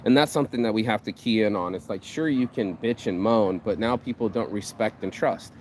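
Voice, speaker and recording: A man's voice: lowish voice, brisk, darkish tone. Profane, rambling man ranting outdoors. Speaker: vlog host. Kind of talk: casual motivational rant. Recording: outdoor street with passing traffic.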